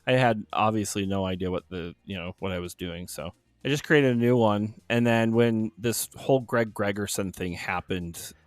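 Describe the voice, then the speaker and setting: A man's voice: fairly low pitch, moderate pace, dry recording, soft background music. A man hosting a podcast, telling a self-deprecating story in casual chat with stumbling restarts. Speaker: podcast host.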